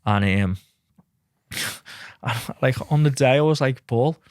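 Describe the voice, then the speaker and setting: A man's voice: mid-range voice, takes it slowly, no room sound. A middle-aged man tells stories on a podcast, calling the host "mate" and acting out what others said. His voice sits in a middle range, and the sound is dry and close with no room around it. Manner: lively anecdotes, acts out quotes, says mate a lot. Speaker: podcast guest, mindset coach. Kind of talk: casual storytelling chat.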